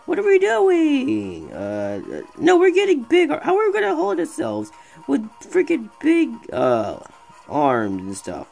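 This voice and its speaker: A streamer giving casual let's-play commentary, excitable and rambling, talking back to the game. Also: medium pitch, a little slow, vocal fry, soft background music. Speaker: gameplay streamer.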